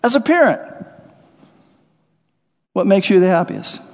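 A man preaching a sermon, animated, acting out little scenes and voices as he goes. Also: high voice, a little slow. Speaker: pastor. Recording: muffled sound with long hall reverb.

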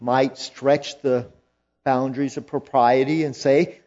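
A man preaching a sermon slowly and emphatically, rising to loud, forceful quoted lines. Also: mid-range voice, lo-fi sound.

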